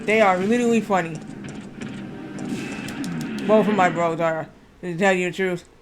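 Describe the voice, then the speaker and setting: With music playing behind him, a man with a fairly high voice livestreams a video game at normal speed while telling a long family story. His storytelling rambles as he repeats words and restarts sentences.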